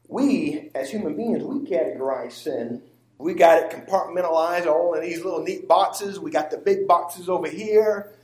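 A man preaching a sermon in a church, emphatic, moving from quiet asides to near-shouting. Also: a little high. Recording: roomy echo.

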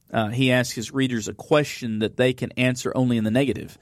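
A man's voice: mid-range voice, fairly even intonation, fairly quick, no echo, studio quality. A man hosting a Bible study, reading verses aloud and then explaining them in an easygoing way, with frequent fillers. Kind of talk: conversational Bible teaching.

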